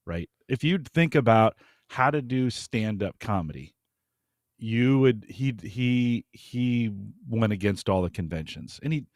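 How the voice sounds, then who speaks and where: A man's voice: on the low side, darkish tone, dry recording, clean studio sound. A man co-hosting a podcast, thinking aloud in a casual discussion. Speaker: podcast co-host.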